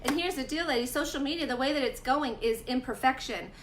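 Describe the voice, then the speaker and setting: A woman's voice: sits high, quick pace, a little hiss or hum. A woman hosting a casual live business coaching chat, speaking directly and emphatically to her viewers. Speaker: host.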